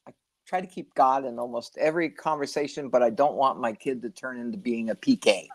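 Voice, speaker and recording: A middle-aged woman hosting a casual livestream from home, rambling and telling stories with lively expression. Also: rumbling low, a little fast. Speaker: host.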